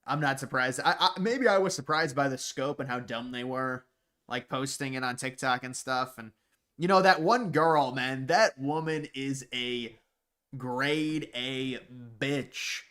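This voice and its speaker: A man's voice: medium pitch, a little slow, fairly bright tone. A man hosting a livestream, reacting to chat in blunt, profane, sarcastic rants. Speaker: livestream host. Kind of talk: casual livestream commentary.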